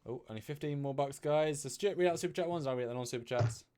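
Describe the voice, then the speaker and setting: On a live review stream, a male co-host talks very fast in a warm, clean voice on the high side. He's casual and loose, restarting and filling often, and now and then asks viewers for donations.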